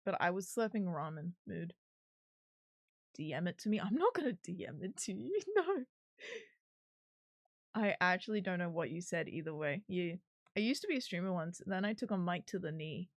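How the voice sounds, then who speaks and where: A woman's voice: fairly low pitch, very animated, moderate pace, pauses often, no echo. A woman streamer chatting casually while she works on a 3D model, giggly and swearing now and then.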